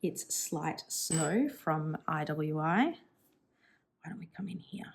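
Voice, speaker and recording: A woman's voice: low-pitched, lively intonation, slow, creaky, husky. A woman in her thirties chatting casually and thinking aloud while swatching inks for her channel, musing and self-deprecating. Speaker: stationery vlogger.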